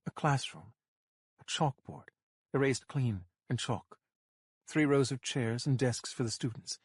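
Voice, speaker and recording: A man giving scripted audiobook narration in a measured, tense storytelling manner. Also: medium pitch, husky, no echo, studio quality.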